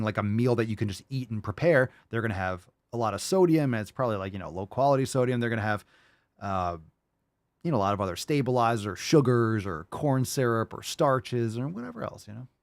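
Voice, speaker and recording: A man hosts a live call-in podcast, answering listener questions in a loose, rambling way. He swears freely and fills his talk with "like" and "you know." His mid-range voice is expressive and a little fast, with no room sound.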